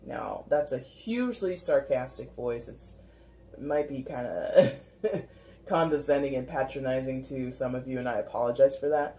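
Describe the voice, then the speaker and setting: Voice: medium pitch, a little slow, warm tone. A tarot reader giving a casual, rambling card reading, talking in a chatty way with lots of 'like'. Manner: chatty, rambling, heavy use of filler 'like'.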